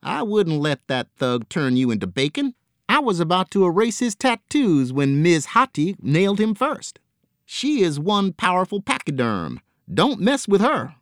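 A man's voice: high-pitched, big pitch swings, measured pace, dry recording, pitched above the performer's own voice, exaggerated voice. A man voicing a cheerful, bold male pirate who hollers his lines in a hearty, commanding way. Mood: jovial.

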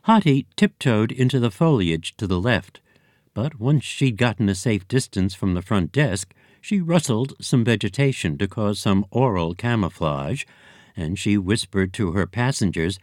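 Low-voiced expressive male narrator. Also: measured pace, no room sound, clean studio sound. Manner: expressive storytelling. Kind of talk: audiobook narration.

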